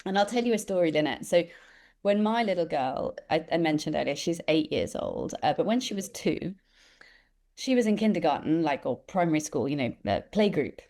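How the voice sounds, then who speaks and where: A woman, a guest who tells lively stories and acts out the voices of the people she quotes. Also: deep voice, brisk. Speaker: interview guest, empathy expert. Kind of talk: conversational storytelling.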